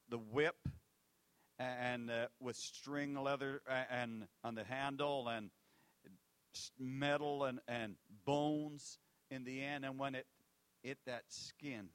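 A man preaching a sermon, swinging between loud declarations and hushed asides and repeating key phrases for effect. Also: mid-range voice.

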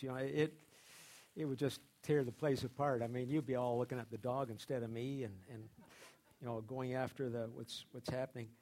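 Male pastor, middle-range voice, loose rambling sermon delivery with restarts, pops into higher voices for quoted people. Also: darkish tone. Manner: rambling, many restarts and fillers.

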